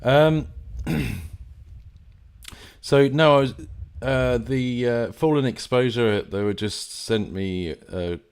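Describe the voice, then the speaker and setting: A man's voice: medium pitch, drawn-out words, clear, resonant tone. A man from near London with an English accent, hosting a live stream in a casual, rambling way with many fillers and restarts. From England, near London.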